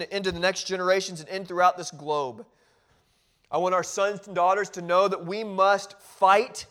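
A man's voice: high-pitched, fairly bright tone. A male pastor preaching a sermon in a church, driving points home with short, repeated exhortations. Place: church sanctuary.

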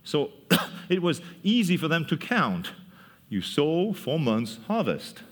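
Animated preacher in a reverberant hall. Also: male voice, on the high side, slow pace. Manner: lively storytelling, laughs often, acts out voices. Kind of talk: sermon, animated Bible teaching.

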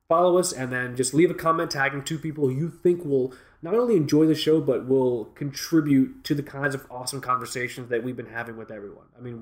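A man co-hosting a watch podcast in casual chat, rambling and joking with lots of fillers and restarts. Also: medium pitch. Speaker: podcast co-host.

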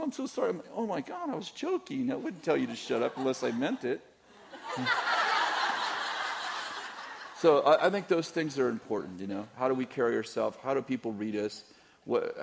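Gravelly low-voiced middle-aged pastor. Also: male voice, darkish tone. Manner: rambling, restarts often, teasing humor. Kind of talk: candid Q&A talk to a church audience.

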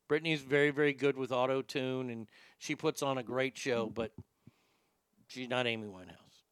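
A man's voice: medium pitch, steady tone, normal speed, smooth, dry recording, studio quality. A man hosting a show, giving a profane, combative and sarcastic rant about celebrities. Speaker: host. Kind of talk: ranting celebrity commentary.

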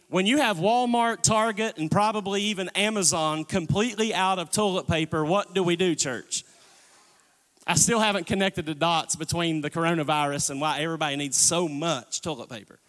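High-voiced preacher in a reverberant church. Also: male voice, a bit bright. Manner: preaching, calls for congregation response. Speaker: pastor. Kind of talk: sermon. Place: church sanctuary.

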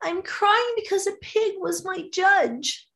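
A woman voicing a gentle, proud nightingale in a told fable, pleading and wounded. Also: extremely high pitch, animated, slow pace, creaky, pitched above the performer's own voice, heavily acted. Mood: hurt.

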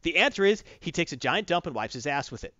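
A man's voice: fairly high pitch, sing-song, fast talker, bright, forceful tone, no room sound. A man giving a blunt, profane, mocking review of a comic book in casual chat. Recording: dull dry close-mic sound.

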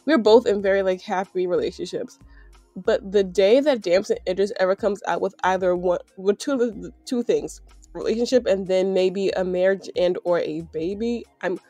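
A young adult woman co-hosting a podcast, telling stories in a dramatic, animated way during casual chat. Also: mid-range voice, normal speed, no echo, faint music behind. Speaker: podcast co-host.

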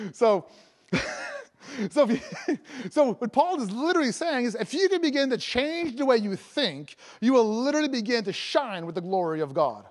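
High-voiced joking male preacher. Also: big pitch swings, normal speed. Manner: jokey and conversational, laughing between points; heavy fillers and restarts. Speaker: evangelist preacher. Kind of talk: sermon.

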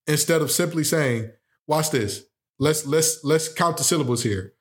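A man with a fairly high voice hosts a sports talk show at a moderate pace. His commentary is opinionated, full of animated rhetorical questions and sarcastic jokes.

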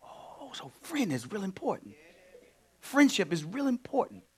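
A male pastor teaching a sermon in an animated way, dropping to quiet asides and then rising to loud, emphatic bursts. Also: high-pitched, unhurried.

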